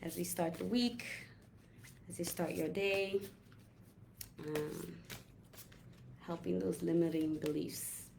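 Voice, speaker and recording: A woman holistic health coach giving a gentle, reflective talk with slow, drawn-out pauses. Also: lowish voice, fairly even intonation, creaky, a little hiss or hum. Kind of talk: casual inspirational talk.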